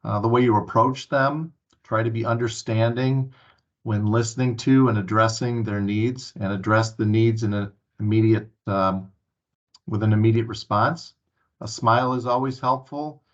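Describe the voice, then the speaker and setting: A man's voice: fairly low pitch, steady tone, normal speed. A man giving a staff training presentation at a town hall meeting, earnest and full of filler sounds and restarts. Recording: muffled lo-fi recording.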